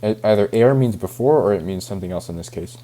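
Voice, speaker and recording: A man's voice: on the low side, fast talker, warm tone. A young man reading a novel aloud and stopping to puzzle over words, muttering, cursing and dropping into whispers. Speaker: reader.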